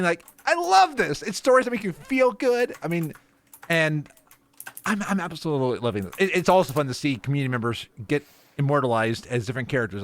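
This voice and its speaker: Enthusiastic host, higher man's voice. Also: fairly bright tone, dry recording. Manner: enthusiastic, halting, many restarts. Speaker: podcast host. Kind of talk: casual chat.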